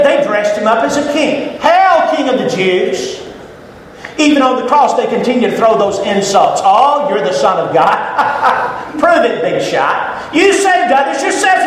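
A man preaching a sermon in a church, dramatic, climbing to shouts and dropping to a hush. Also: high-pitched. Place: church sanctuary. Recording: very echoey hall with faint noise.

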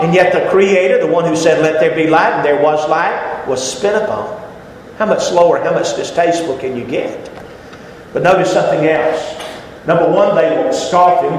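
Male preacher, high and dramatic, very reverberant church hall. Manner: dramatic, rises to shouts and drops to a hush. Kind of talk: sermon. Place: church sanctuary. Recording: very echoey hall with faint noise.

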